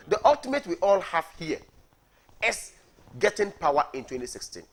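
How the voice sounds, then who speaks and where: A party coordinator from Ghana joins a heated political debate on morning TV as a studio guest. He speaks emphatically at a moderate pace, very animated, in a slightly high and somewhat bright voice. He repeats words for stress and asks "are you getting me."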